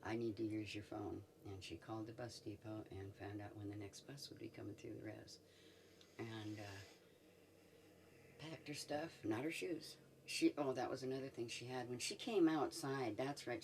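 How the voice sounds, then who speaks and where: A woman's voice: extremely low pitch, moderate pace, distant mic, noisy background. An older woman, a medicine woman, telling a personal story in an interview, chuckling often as she goes.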